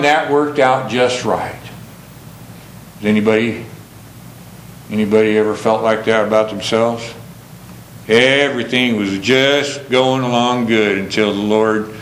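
Guy preaching a sermon, bright forceful voice, echoey room, faint hiss. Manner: earnest, rising to emphatic questions then dropping low and slow.

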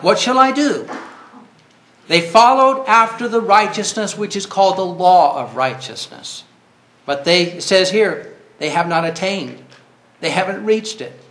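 A man's voice: high voice, fairly bright tone, roomy sound. A man preaching a sermon earnestly, reading scripture and rising to cries when he quotes.

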